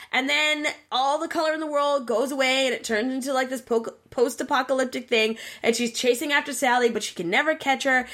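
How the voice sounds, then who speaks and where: Animated, profane woman retelling a story. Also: sits high. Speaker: podcast co-host. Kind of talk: casual chat retelling a game story.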